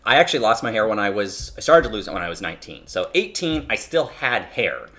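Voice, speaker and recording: Lively bright-voiced man in his thirties. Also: lowish voice, fast. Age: 30s. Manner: playful, laughs often. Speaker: guest telling a story. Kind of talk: casual podcast chat.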